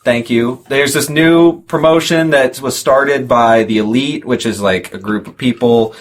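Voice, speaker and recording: A man's voice: medium pitch, measured pace. Young guy cohosting a podcast, rambly, keeps restarting his sentences. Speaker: podcast co-host. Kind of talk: casual chat.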